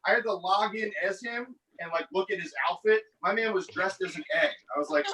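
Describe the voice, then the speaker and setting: Profane rambling man, bright and high. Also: a little fast, far from the mic, poor audio. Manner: rambling, profane, self-mocking. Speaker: stand-up comic. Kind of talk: stand-up set over online stream. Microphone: headset.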